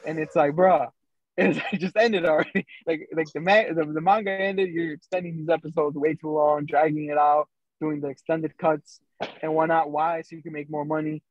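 A man's voice: fairly high pitch, steady tone, moderate pace, no echo. Podcast co-host, man, rambling casual storyteller, muffled remote-call sound. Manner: loose storytelling with many fillers. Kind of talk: casual chat.

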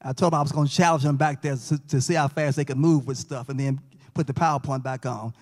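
A man's voice: mid-range voice, steady tone, fast talker. A man teaching a Bible lesson in church, folksy, joking with and quizzing the class. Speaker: Sabbath school teacher. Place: church sanctuary. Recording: long church reverb.

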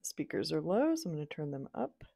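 A woman casually narrating a software demo at her computer, upbeat and chatty. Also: sits low, very animated, fairly quick, vocal fry. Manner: upbeat and chatty, cheering "yay".

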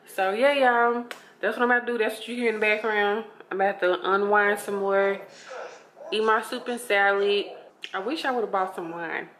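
A woman's voice: medium pitch, moderate pace, fairly bright tone. A sleepy woman with a Southern US accent chatting casually to camera at home, laughing often and calling viewers honey. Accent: Southern US (Arkansas). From Arkansas, USA. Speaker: vlogger. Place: at home, indoors. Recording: roomy, from a distant camera mic.

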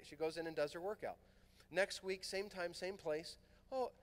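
Speaking at a youth conference, a middle-aged priest from Southern California animatedly recounts a personal story and performs the quoted lines in different voices. He pitches high and moves fairly quickly, with the big fieldhouse hall adding a long echo.

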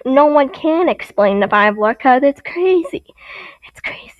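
A woman's voice: high-pitched, expressive, normal speed, dry recording, dull audio. A young woman explaining game lore in a rambling, giggly way with many restarts. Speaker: video creator.

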